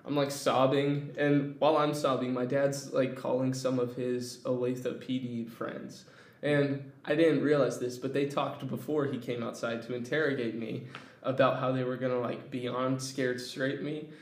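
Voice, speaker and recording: A young man telling a childhood story in a casual, animated way, laughing as he goes. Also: mid-range voice, normal speed. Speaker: storyteller guest. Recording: echoey room.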